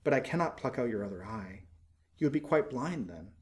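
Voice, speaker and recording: A man's voice: mid-range voice, lively intonation, brisk, natural voice. Devoted small swallow, tender and earnest, storybook; male reader doing it. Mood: gentle.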